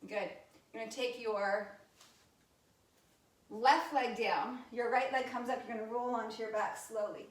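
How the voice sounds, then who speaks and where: A woman in her thirties, a yoga instructor, giving gentle movement and breathing cues in a live class with chatty, candid asides. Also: on the high side, steady tone, a little slow, pauses often. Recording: roomy sound from a distance from the mic.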